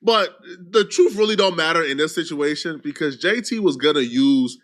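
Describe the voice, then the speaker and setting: A man's voice: a little high, expressive, moderate pace, a bit bright. A man hosting casual commentary on celebrity gossip, wry, reading out posts and asking "okay?". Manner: wry, reads out quotes, asks "okay?". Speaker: host.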